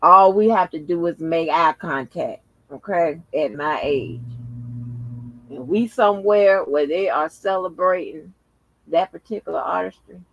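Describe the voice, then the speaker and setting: A man talks to his channel audience in a loose, rambling vlog style, with frequent exclamations and plenty of swearing. His voice sits a little high and his delivery is slow and unhurried. The sound is close and dry. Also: vocal fry, fairly bright tone, dry recording, muffled recording. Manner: chatty, profane, exclamatory, addresses viewers as y'all. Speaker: channel host. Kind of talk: casual vlog commentary.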